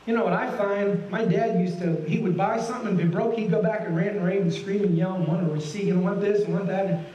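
This sermon comes from a middle-aged guest pastor with a high, lively voice who speaks fast and folksily, often questioning his listeners. The roomy sanctuary makes him sound distant, faint laughter comes from the congregation, and the audio is dull with a little hiss or hum.

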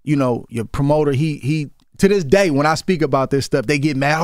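A man in his forties from Oakland, California, with a Bay Area accent, talks fast in a slightly high, somewhat mellow voice with barely any pauses. He's a former boxer appearing as a guest in a radio studio interview, chatting casually but earnestly and often repeating words as he builds his point. The studio microphone gives a dry recording.

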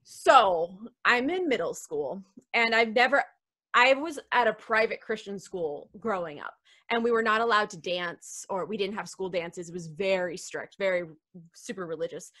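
A young woman, a wrestling interview guest, telling a lively personal story over a video call with laughs and voiced quotes. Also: medium pitch, normal speed. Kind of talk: casual storytelling.

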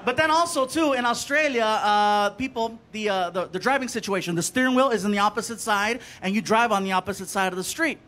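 A man doing an animated stand-up set, telling stories and acting out the people in them. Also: high voice, fairly quick, hardly any pauses. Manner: animated, acts out characters in quotes. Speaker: stand-up comedian. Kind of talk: stand-up storytelling. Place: comedy stage before a live audience.

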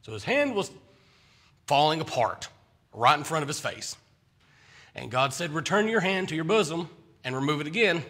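A man's voice: on the high side, sharp tone, husky. A man preaching a conversational sermon in a church, often stumbling and restarting his words.

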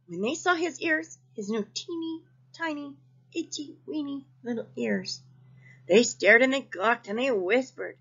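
A woman reading a picture book aloud to children, expressive and asking her young listeners questions. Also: high-pitched, measured pace, creaky, slightly rough. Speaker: children's story reader. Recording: dull lo-fi recording.

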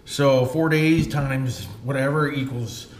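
A man's voice: medium pitch, steady tone, slow. A man from Canada, chatting folksy and casual in a vlog, dropping "eh" and "friggin' right" all the time. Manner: folksy, repeats tag phrases like "eh" and "friggin' right". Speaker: vlogger. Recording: echoey space with faint noise.

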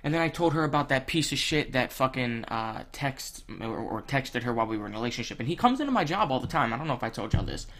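A man's voice: mid-range voice, sing-song, quick pace, few pauses, a bit bright. Blunt, profane young man. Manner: blunt, profane, heated, with many ums. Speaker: vlogger. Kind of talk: casual rant to camera.

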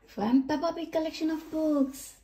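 A woman reading a picture book aloud to children in a slow, sing-song manner. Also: sits high, mellow. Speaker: storybook reader. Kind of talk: children's read-aloud narration.

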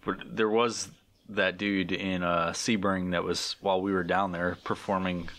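A man hosting a podcast in casual crude banter, jokey and quick to laugh. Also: low voice. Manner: animated, jokey, laughs often. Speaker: podcast host.

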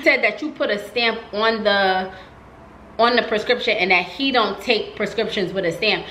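A woman's voice: medium pitch, moderate pace, roomy sound, a little hiss or hum. Chatty woman telling a storytime. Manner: chatty, animated, heavy use of "like". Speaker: vlogger. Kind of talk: casual storytime.

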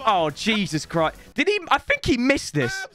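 A young man, reacting loudly to match footage as a YouTuber, shouting at the screen and bantering in slang. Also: high-pitched, huge pitch swings, normal speed, faint music behind. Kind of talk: excited reaction commentary over match footage.

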